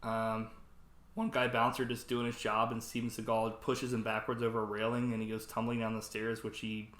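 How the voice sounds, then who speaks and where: A man's voice: lowish voice, completely flat delivery, a little fast, fairly bright tone, roomy sound. A man co-hosting a podcast, chatting casually about a movie, swearing a lot and acting out lines with laughs. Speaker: podcast co-host. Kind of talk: casual movie review chat.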